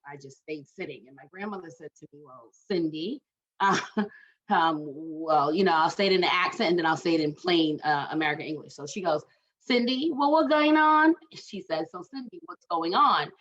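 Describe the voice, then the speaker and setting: A woman's voice: low voice, brisk, fairly bright tone, muffled recording. A woman in her forties, a guest speaker at a community forum, talking casually and animatedly, with many fillers and "right?" asides. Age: 40s. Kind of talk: casual storytelling talk.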